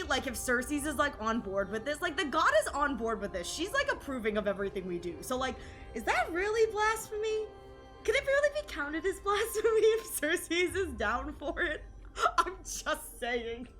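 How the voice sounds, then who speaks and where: A woman's voice: high voice, very animated, normal speed, sharp tone, faint music behind. A young adult woman streaming from home, chatting casually with her viewers, giggling often and restarting her sentences. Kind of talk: casual live-stream chat with chat readers.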